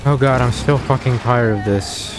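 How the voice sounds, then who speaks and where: A man's voice: mid-range voice, moderate pace, over music. A man streaming a video game, swearing constantly and sarcastic as he grows more and more exasperated. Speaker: gaming streamer. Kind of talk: frustrated gameplay commentary.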